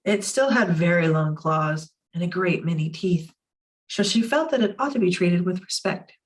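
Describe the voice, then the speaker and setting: A woman reading a children's novel aloud for a library in a lively, expressive way. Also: fairly low pitch, moderate pace, distant mic. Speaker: library storytime reader.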